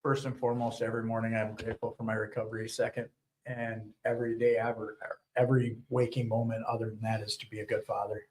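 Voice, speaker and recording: A man speaking as a guest in casual chat, earnest and halting. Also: on the low side, little pitch movement, darkish tone, slight background noise, poor audio.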